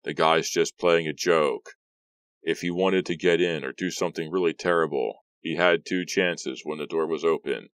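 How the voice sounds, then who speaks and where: A man with a deep voice, reading an audiobook, voicing a daring, confident teenage boy. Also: moderate pace, no echo, clean studio sound. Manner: calm, defensive.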